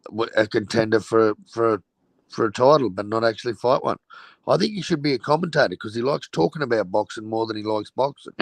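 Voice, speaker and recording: Give me a blunt Australian man with a fairly low voice, recorded dry and close. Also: fairly quick, gravelly, dry recording. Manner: blunt, heavy swearing. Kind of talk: casual chat.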